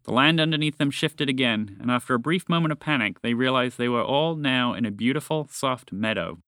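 Male storyteller, bright tone, dry recording, gentle children's-story read. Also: brisk, no room sound. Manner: gentle storybook reading, raising his pitch for characters' lines.

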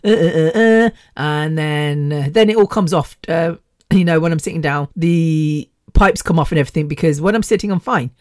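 Chatty woman, low voice. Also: normal speed, darkish tone, no room sound, clean studio sound. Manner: chatty and rambling, with swearing and laughs. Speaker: podcast host. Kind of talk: casual solo podcast chat.

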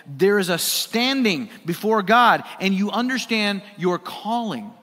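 A man preaching from the pulpit with a bright, high voice, talking to his congregation and putting questions to them. His words ring out with the long reverb of a church hall. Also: animated, unhurried. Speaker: pastor. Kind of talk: sermon. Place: church sanctuary.

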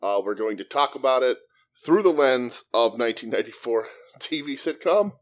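A man's voice: mid-range voice, animated, moderate pace. A man co-hosting a casual podcast, recapping and joking with friends. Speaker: podcast host. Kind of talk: casual chat.

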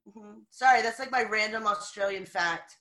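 A woman chatting casually, teasing and quick with jokes. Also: medium pitch, sharp tone, slight background noise. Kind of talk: casual chat.

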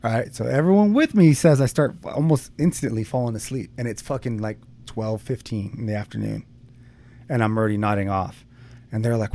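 A young man in casual conversation tells a story at an easy, rambling pace. He swears freely and leans on fillers. His pitch sits in an ordinary middle range. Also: fairly quick, mellow. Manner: rambling, laid-back, frequent swearing and fillers. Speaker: podcast co-host.

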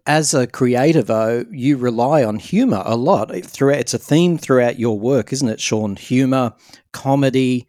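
A man's voice: mid-range voice, measured pace, darkish tone, dry recording, studio quality. A man with an Australian accent hosting an interview podcast, asking friendly, probing questions. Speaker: podcast host.

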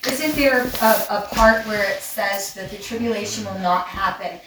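A woman's voice: mid-range voice, moderate pace, fairly bright tone, recorded from a distance. A woman in a church group discussion, speaking in an earnest, questioning way. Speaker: group member. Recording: echoey room with background noise.

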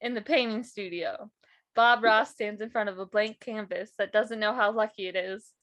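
A woman's voice: medium pitch, steady tone, normal speed, fairly bright tone, no echo, dull audio. A woman co-hosting a podcast in casual chat, playful and often laughing as she reads silly scripts aloud. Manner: laughing, playful, apologetic asides. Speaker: podcast co-host.

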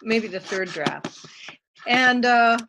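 A woman who teaches writing, a guest talking about her memoir in a reflective, halting way with frequent restarts. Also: a little high, animated, pushed and bright, slight background noise. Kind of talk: casual interview chat.

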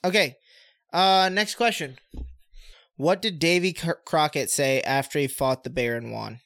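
A man's voice: a little high, measured pace, creaky, fairly bright tone, dry recording, clean studio sound. A young man hosting a casual trivia game among friends, upbeat and a bit hammy. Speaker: quiz host.

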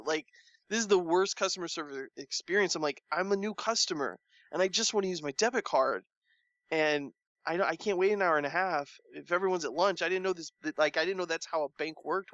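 A man chatting casually, telling a long story with animated delivery and acting out the people he quotes. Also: no room sound, muffled recording. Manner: animated storytelling, acts out quoted lines with rising pitch. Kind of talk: casual chat.

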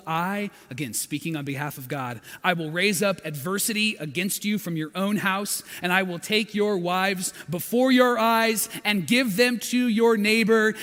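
Man, high voice, sermon, dramatic retelling, hushed-to-loud swings, long hall reverb. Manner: dramatic storytelling, acting out quotes with swings in volume. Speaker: preacher.

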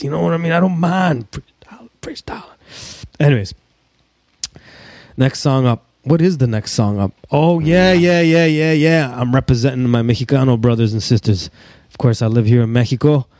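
A man hosting a podcast, rambling casually and excitably with plenty of swearing. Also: medium pitch, dry recording, clean studio sound. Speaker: podcast host. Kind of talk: rambling live-stream monologue. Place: home studio in Mexico.

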